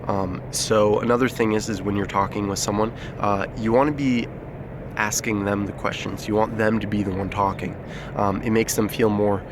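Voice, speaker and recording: A man's voice: lowish voice, steady tone, moderate pace, noisy background. A man giving an unscripted self-help lesson outdoors, talking loosely with many fillers and restarts, recorded on a phone. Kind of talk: unscripted outdoor explainer video. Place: outdoors in nature. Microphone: phone held by the speaker.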